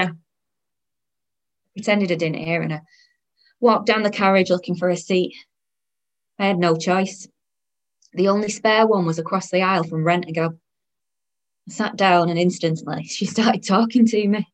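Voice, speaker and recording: A woman's voice: lowish voice, steady tone, moderate pace, long pauses. A woman in her thirties narrating her own story in the first person, in a wry, weary tone. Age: 30s.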